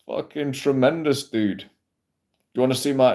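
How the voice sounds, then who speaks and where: A man's voice: medium pitch, moderate pace, pauses often, a little mellow. A man chatting casually on a livestream, rambling, swearing freely and answering comments from his chat. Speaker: livestream host.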